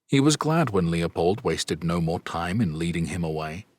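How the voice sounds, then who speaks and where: A man narrating a fantasy audiobook in a steady, even storytelling manner. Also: low-pitched, normal speed. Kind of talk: scripted narration.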